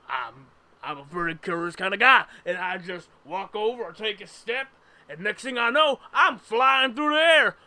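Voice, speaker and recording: A man voicing a dazed man who was just flung off a bridge, babbling excitedly as he tells what happened. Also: sits high, heavily acted.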